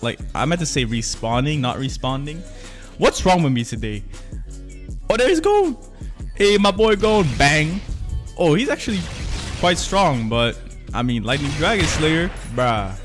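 A man's voice: on the high side, fairly bright tone. Hyped young man narrating gameplay. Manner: slangy, hyped, self-correcting gamer talk. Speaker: gaming channel host. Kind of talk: casual gameplay commentary.

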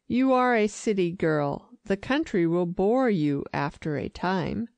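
A woman's voice: medium pitch, expressive, a little slow, creaky, a little mellow, clean tone, no echo. A woman reading an audiobook, voicing a reserved wealthy husband who speaks curtly. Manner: curt, clipped. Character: reserved rich husband, curt and cool.

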